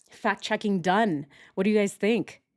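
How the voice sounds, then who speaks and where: A woman hosts a true-crime commentary vlog at a medium pitch. She talks casually and sarcastically, and laughter often breaks into her talk. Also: slow pace, gravelly. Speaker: channel host.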